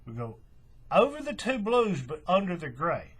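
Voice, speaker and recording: A man explaining a craft step by step in a relaxed, folksy way. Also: high-pitched, moderate pace, slightly rough. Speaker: craft tutorial host. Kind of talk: hands-on tutorial walkthrough.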